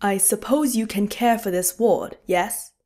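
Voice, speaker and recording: A woman voicing a male enemy army captain who speaks crisply and concisely, courteous but menacing. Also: medium pitch, a little slow, a little mellow, natural voice. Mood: cool. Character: cold, polite enemy army captain, man.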